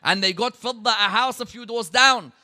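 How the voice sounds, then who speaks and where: A man preaching a sermon, telling the story dramatically and swinging from hushed passages to loud, rising peaks. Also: very high-pitched, moderate pace. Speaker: preacher at a religious gathering.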